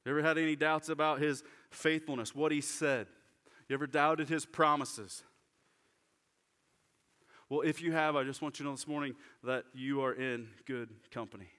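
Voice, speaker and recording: A man preaching a sermon to his congregation, shifting from lively urgency to hushed, slow prayer. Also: on the high side, clear, resonant tone. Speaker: pastor. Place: church sanctuary. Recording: church hall reverb.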